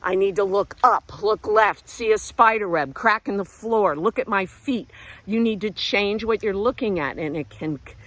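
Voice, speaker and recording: A woman's voice: medium pitch, moderate pace, fairly bright tone. A middle-aged woman talking casually while walking outdoors, encouraging and a little out of breath. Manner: encouraging, conversational, breathing hard while hiking. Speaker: vlog host and self-help speaker. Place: outdoors walking around a lake.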